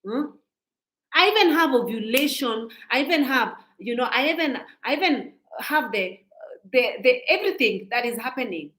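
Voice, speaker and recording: A woman's voice: sits high, animated, normal speed, a bit bright. Scolding woman in her forties, echoey room. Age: 40s. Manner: scolding, preachy, repeats herself. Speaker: social media commentator. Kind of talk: casual commentary monologue.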